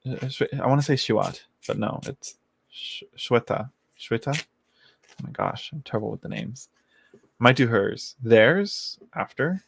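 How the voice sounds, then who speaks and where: A man's voice: medium pitch, lively intonation, moderate pace, vocal fry, breathy edge. A man doing a casual live-stream tarot reading, chatty and giggly, often trailing off and restarting as he talks to viewers. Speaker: tarot reader answering viewers.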